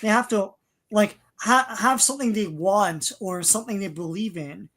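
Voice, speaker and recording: A man's voice: high voice, moderate pace, sharp tone. A man hosting a casual podcast chat, talking in a critical, rambling way with frequent restarts. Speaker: podcast host.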